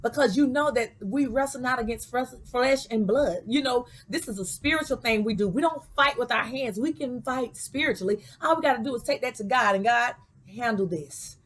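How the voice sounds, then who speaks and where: A woman's voice: fairly high pitch, brisk, few pauses, a bit bright. A woman giving a spiritual guidance talk in casual vernacular. She keeps checking in with her listeners, asking "okay?" and "you know what I'm saying?". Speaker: spiritual teacher.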